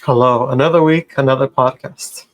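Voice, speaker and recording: A young man co-hosting a casual podcast, easygoing and quick to laugh. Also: mid-range voice, fairly even intonation, no echo. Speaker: podcast co-host.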